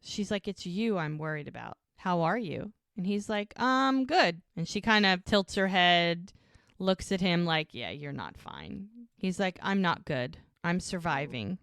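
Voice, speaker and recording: A woman's voice: fairly low pitch, unhurried, fairly bright tone, clean tone, no room sound, clean studio sound. A woman co-hosting a rewatch podcast, retelling the scenes in casual chat and briefly putting on little voices for the characters' lines. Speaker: podcast co-host recapping episodes.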